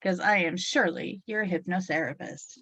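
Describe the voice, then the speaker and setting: A middle-aged woman hosting a hypnotherapy talk radio show, bubbly and playful, her voice a little froggy and hoarse, leading listeners through relaxation. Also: lowish voice, normal speed, fairly bright tone.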